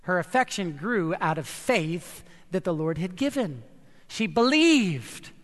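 A man preaching a sermon, earnest and emphatic, with slow dramatic pauses. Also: high-pitched, animated, a bit bright, in a large hall. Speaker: pastor.

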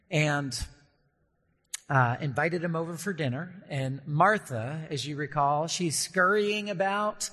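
A man preaching a sermon in an earnest way, slowing down to stress key points and briefly acting out the voices he quotes. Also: fairly high pitch, a bit bright, in a large hall. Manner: earnest, slows down for emphasis, acts out quoted voices. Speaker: pastor.

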